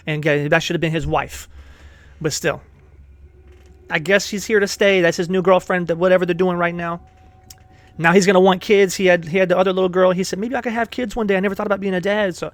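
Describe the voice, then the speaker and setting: A man hosting a casual let's play, excitable, cursing and hooting at the game. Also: sits high, no echo. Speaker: gaming channel host.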